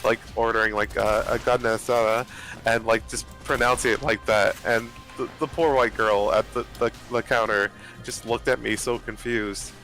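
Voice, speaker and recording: A man's voice: medium pitch, level tone, normal speed, a bit bright, soft background music. A man chatting casually with friends while gaming, rambling with lots of fillers and restarts, over a voice chat headset.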